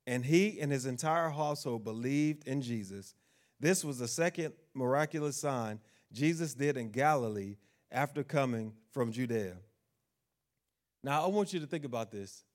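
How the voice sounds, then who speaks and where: A man's voice: mid-range voice, lively intonation, moderate pace. A man preaching a sermon, asking the congregation questions and acting out the figures of the Bible story in quotes.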